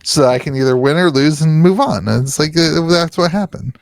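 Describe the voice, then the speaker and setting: A man's voice: a little high, animated, brisk, vocal fry, dry recording. A man hosting a podcast in casual chat, rambling with restarts and frequent laughter. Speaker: podcast host.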